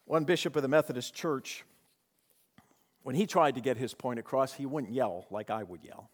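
A man preaching a sermon with a dynamic delivery that swings between raised, emphatic passages and hushed, quiet ones. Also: medium pitch, moderate pace. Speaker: pastor. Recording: long hall reverb.

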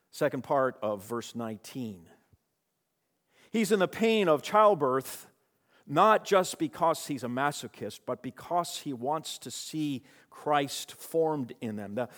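A man preaching a sermon with a dynamic delivery that swings between raised, emphatic passages and hushed, quiet ones. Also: on the high side. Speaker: pastor. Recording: long hall reverb.

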